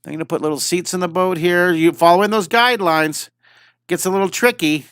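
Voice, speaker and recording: A man's voice: high voice, brisk, a bit bright, smooth, no echo, clean studio sound. A middle-aged man teaching a live drawing lesson, chatty and enthusiastic, talking through every step as he draws.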